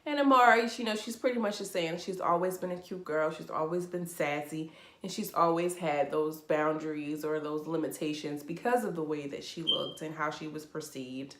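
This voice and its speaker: Woman vlogger, low voice, blunt and profane TV recap, echoey room. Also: normal speed, a bit bright. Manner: blunt, profane, incredulous and laughing. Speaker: reality TV reviewer. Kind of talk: casual vlog commentary.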